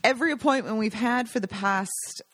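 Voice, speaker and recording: Woman, 40s, podcast co-host, lively storyteller, dry close sound. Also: fairly high pitch, moderate pace, no echo. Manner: animated storytelling, laughs often. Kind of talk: casual chat.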